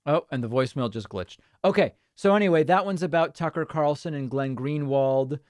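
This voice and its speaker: A man's voice: on the high side, a little fast, darkish tone, dry recording, studio quality. A man hosting a live-stream show, chatting casually and reacting to listener voicemails and chat messages. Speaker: show host.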